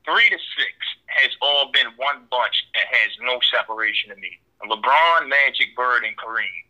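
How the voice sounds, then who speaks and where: A man co-hosting a casual sports talk show, opinionated and quick, with stumbling restarts. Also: medium pitch, lively intonation, sharp tone, rough recording. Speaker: sports podcast co-host.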